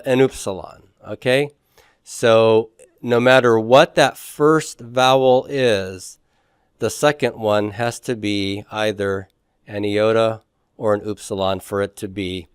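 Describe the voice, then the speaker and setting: Guy teaching greek slowly, smooth clear voice, dry close sound. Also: medium pitch, no room sound. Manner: slow, patient, checks in with frequent "okay?". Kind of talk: classroom lecture.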